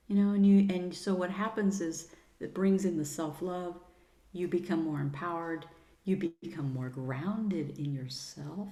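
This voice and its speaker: A middle-aged woman, a guest on a podcast, talking in an earnest, soothing way and using gentle pet names. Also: fairly low pitch, unhurried. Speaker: podcast guest, sound healer. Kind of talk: casual interview chat. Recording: roomy echo.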